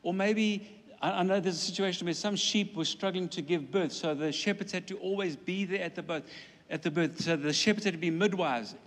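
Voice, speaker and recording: Animated preacher man in a reverberant hall. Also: high voice, brisk. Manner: animated, acts out quoted voices, playful asides. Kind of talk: sermon.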